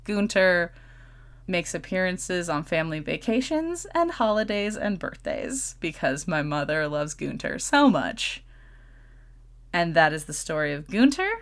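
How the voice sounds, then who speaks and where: A woman's voice: lowish voice, sing-song, unhurried. A woman co-hosting a podcast, chatting playfully and laughing often. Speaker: podcast co-host. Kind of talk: casual chat.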